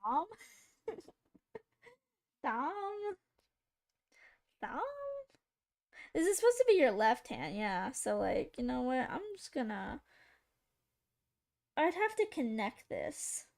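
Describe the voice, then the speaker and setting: Casual woman streamer, slow unhurried talk, teases herself and chats to viewers while drawing. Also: sits high, big pitch swings, creaky, darkish tone. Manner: rambling, giggly, self-mocking, talking to chat.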